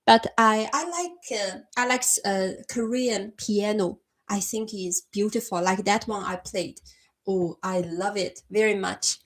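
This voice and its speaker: A woman from China with a Chinese accent, hosting a casual livestream chat and answering viewers' comments in a soft-spoken way, often calling them her friend. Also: mid-range voice, a little slow. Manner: soft-spoken, frequent restarts and laughs, addresses viewers as my friend. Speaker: livestream host.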